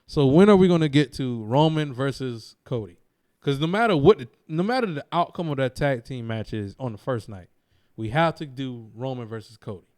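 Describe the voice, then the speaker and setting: A young man co-hosting a wrestling podcast in casual, animated chat, swearing and laughing often. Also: mid-range voice. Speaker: podcast co-host.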